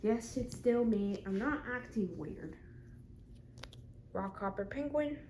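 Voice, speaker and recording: Slow-talking woman showing off her collection. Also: on the high side, dark tone, slight background noise, rough recording. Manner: chatty, lists items one by one with short comments. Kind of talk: casual show-and-tell vlog.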